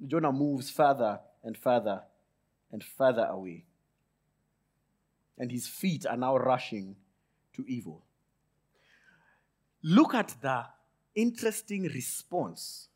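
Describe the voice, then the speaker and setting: A male pastor preaching a sermon, swinging from loud emphatic peaks to low quiet asides and acting out quick grumbling lines. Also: expressive, slightly rough. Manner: acts out Jonah's grumbling thoughts in quick asides.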